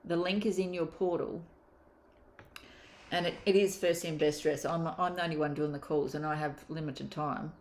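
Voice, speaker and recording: A woman's voice: low voice, steady tone, normal speed, darkish tone. A woman, a mindset coach giving a candid, emphatic motivational course talk and swearing casually. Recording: roomy echo.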